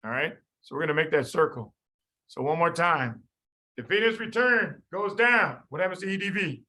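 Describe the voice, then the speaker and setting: Animated man lecturing a medical class. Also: a little high, rough recording. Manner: animated, quizzes students, quick asides with sudden quiet drops. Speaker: medical board review lecturer.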